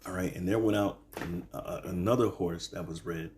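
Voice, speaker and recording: A man teaching from the Bible in a casual, halting way, reading verses slowly and filling pauses with "all right" and "okay". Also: low voice, steady tone, a little mellow, a little hiss or hum. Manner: reads verses slowly then explains. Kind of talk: informal scripture teaching.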